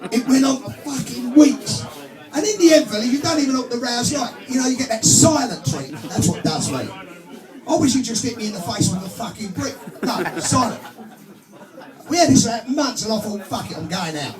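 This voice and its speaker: A man in his forties with an English accent works a live club crowd with crude, punchy stand-up. His voice sits high. It rings out in an echoey room over music and a loud crowd. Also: lively intonation, a little fast. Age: 40s. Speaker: stand-up comedian. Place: club stage before a live audience.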